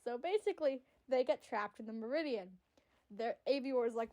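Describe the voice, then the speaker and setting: High-pitched girl rambling about a show, excitable, swears a lot, fan commentary vibe. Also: moderate pace. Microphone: audio-only recording.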